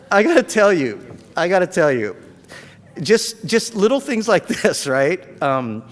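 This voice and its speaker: Animated man in a reverberant room. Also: high voice, slow pace, long pauses. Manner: animated and heartfelt, laughing often. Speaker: caregiver telling a personal story. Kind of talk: casual spoken storytelling. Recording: long reverb.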